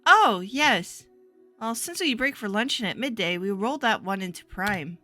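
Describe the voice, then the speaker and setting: A woman voicing a polite, gentle young nun who talks in a matter-of-fact way. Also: mid-range voice, expressive, moderate pace, soft background music, voice pushed up.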